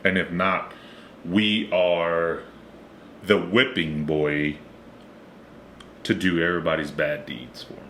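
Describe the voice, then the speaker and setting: A man's voice: sits low, fairly even intonation, slow pace, long pauses, fairly bright tone. A middle-aged man with a Texan accent, co-hosting a podcast in laid-back, profane casual chat. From Texas. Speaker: podcast co-host. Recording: echoey room with faint noise.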